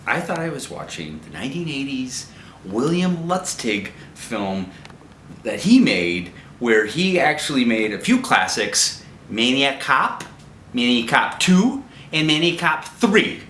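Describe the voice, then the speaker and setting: A man's voice: medium pitch, fairly bright tone. Rambling profane man reviewing a movie. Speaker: movie reviewer, show host. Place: a friend's house at night. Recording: roomy home recording with noise.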